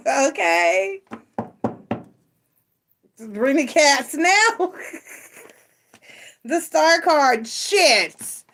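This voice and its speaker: A middle-aged woman hosts a tarot reading live from her home at night. Her voice sits a little high and she talks slowly. She is playful and loose, laughing often between the cards. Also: animated, gravelly, a bit bright, a little hiss or hum. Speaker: tarot reader.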